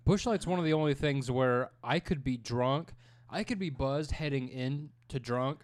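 A man's voice: medium pitch, normal speed. A man co-hosting a podcast in casual chat, joking and swearing as he rambles. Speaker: podcast co-host.

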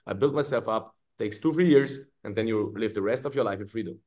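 A man's voice: on the low side, fairly quick, a little mellow. A man, a fight coach guest on a podcast, speaking in a blunt, motivational way with short, firm statements. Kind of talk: casual podcast conversation.

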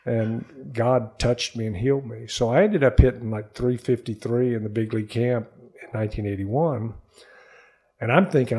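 An older man, a former pro baseball player, telling lively stories as a studio interview guest and acting out the quotes. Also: medium pitch, moderate pace. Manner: lively storyteller, acts out quotes. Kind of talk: animated storytelling in conversation.

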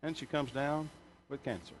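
A man's voice: mid-range voice, fairly even intonation, moderate pace, slight background noise. A male pastor preaching a sermon in a church, emphatic, with joking asides to the congregation. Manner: emphatic, bursts louder for scripture and punchlines. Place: church sanctuary.

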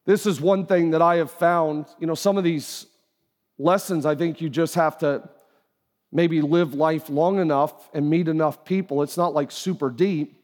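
High-pitched guy preaching to his church, chatty and animated, big echoey hall. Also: moderate pace. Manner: conversational, animated, acts out quoted voices. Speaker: pastor. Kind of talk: sermon. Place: church auditorium. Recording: live hall with long reverb.

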